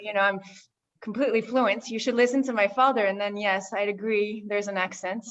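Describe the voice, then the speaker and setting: A woman's voice: mid-range voice, fairly even intonation, brisk. A woman from France, chatting in a friendly, hesitant way as a winemaker guest on a video call. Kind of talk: casual panel chat. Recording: dull lo-fi call audio.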